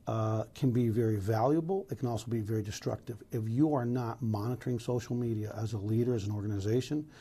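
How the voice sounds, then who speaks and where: A man's voice: mid-range voice, vocal fry, warm tone, breathy edge. A middle-aged man from Los Angeles, a police chief answering news interview questions in an earnest, emphatic way with many restarts.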